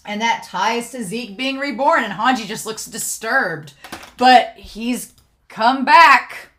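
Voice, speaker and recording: A woman giving a casual recap and commentary on an anime episode, excitable and thinking aloud, often checking in with "right?". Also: a little high, takes it slowly.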